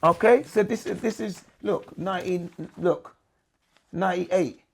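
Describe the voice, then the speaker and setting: Gravelly MC with a high voice. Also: male voice, unhurried. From England. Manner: slangy street talk, repeats 'you understand'. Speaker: MC, guest. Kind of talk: casual interview chat.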